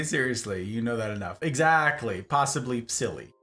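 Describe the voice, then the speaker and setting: A man streaming a game, chatting casually and gratefully to his viewers, his voice worn and hoarse from talking, rambling and playing with words. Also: medium pitch, lively intonation, normal speed, few pauses, bright, forceful tone, faint music behind. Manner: rambling, playful wordplay, grateful. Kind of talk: casual end-of-stream chat.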